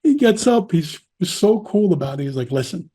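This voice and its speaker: A middle-aged man, a former police officer, telling his own story in an interview in a blunt, heavily profane, animated way. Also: high voice, normal speed, slightly rough. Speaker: podcast guest recounting his prison time.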